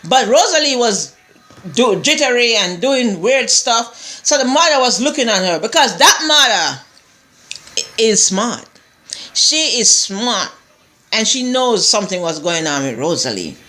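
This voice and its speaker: A woman's voice: on the high side, sing-song, unhurried, sharp tone. Woman reviewer, chatty, rambling recap, lots of asides and restarts. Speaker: TV show reviewer. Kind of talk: casual episode recap chat.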